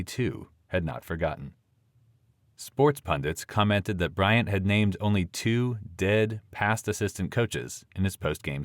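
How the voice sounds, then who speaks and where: A male audiobook narrator reads in a measured, deliberate way. His voice is very deep, and the recording is close and dry, with no room sound. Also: dry recording.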